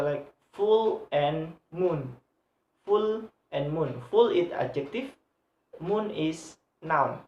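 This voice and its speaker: A student presenter talks through word stress rules at a very unhurried pace, stopping often on filler sounds. Each example word is said over and over. The room adds a noticeable echo to the voice. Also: medium pitch, a little mellow. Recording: echoey room.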